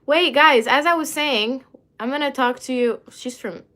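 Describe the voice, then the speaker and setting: Speaking at a moderate pace in a high-pitched, pushed, bright voice, a young woman from Lebanon reads viewer comments aloud during a casual livestream. She rambles and keeps losing track of what she was saying.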